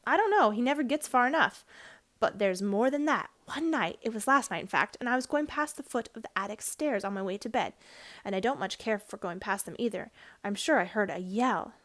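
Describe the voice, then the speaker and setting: A woman's voice: a little high, lively intonation, fairly quick, a bit bright. Woman reading doing a sad worked-up little boy, earnest, trips over his words, storybook. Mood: secretive. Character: miserable, wound-up young boy. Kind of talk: storybook read-aloud.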